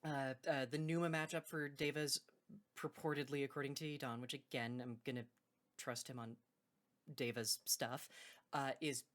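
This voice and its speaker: A woman's voice: extremely low pitch, fairly even intonation, moderate pace. A woman hosting a card game video, talking in a loose, rambling way and correcting herself mid-sentence. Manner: rambling, self-correcting, laughs between points. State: hiccuping. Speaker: card game video host and tournament judge. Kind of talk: casual unscripted video intro.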